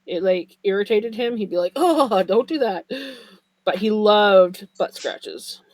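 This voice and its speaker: A woman's voice: mid-range voice, lively intonation, unhurried, a little mellow, no room sound, low-quality recording. A woman joining a livestream as guest, chatting casually and playfully voicing what the dogs think. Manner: voices the dogs' thoughts playfully. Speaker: guest on the stream. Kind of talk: casual chat.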